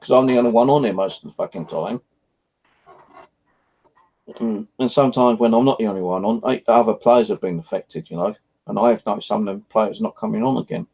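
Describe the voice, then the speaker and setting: A man's voice: on the low side, gravelly, darkish tone, rough recording. A man rambling in a casual evening chat, frustrated and swearing often as he vents. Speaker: vlogger. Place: at home, indoors.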